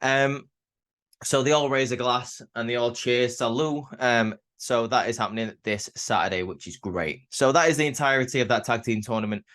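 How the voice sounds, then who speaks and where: A man's voice: mid-range voice, normal speed, fairly bright tone. A man casually recapping a wrestling show, talking loosely with lots of fillers and restarts. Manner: chatty, many fillers and restarts.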